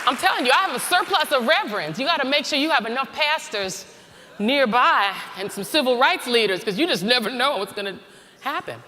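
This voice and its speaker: A woman's voice: high voice, animated, a little fast, pushed and bright, slight background noise. A woman moderating a large event, upbeat and playful with the crowd in a conference hall. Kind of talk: event hosting.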